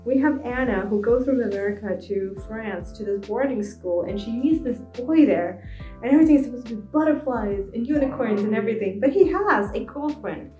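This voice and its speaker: A woman's voice: a little high, expressive, a little fast. A young woman vlogger giving a blunt, exasperated casual book review. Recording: echoey room with soft music behind.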